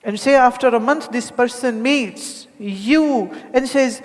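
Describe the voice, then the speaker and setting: A woman's voice: fairly high pitch, slow pace, few pauses. Indian woman teacher in an echoing hall. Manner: conversational, acts out quoted voices, rhetorical questions. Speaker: spiritual teacher. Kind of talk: spiritual discourse to an audience. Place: large hall with audience. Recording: long hall reverb.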